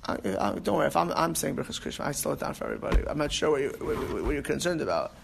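A man's voice: on the high side, sing-song, rapid-fire, gravelly, noisy background. A man teaching an informal class on prayer, rambling and restarting with emphatic asides. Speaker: rabbi teaching about prayer.

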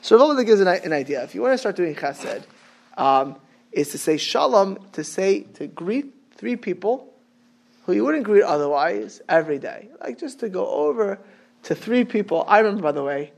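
A man's voice: high-pitched, expressive, moderate pace, vocal fry. A man giving an informal Torah class, chatty and repetitive, dropping in Hebrew and Yiddish terms.

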